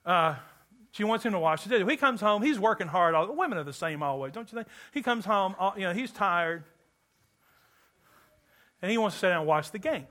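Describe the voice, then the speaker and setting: A man from Kentucky preaching a sermon to a church congregation, animated and joking with the listeners. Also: high-pitched, fairly quick, pauses often. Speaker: pastor.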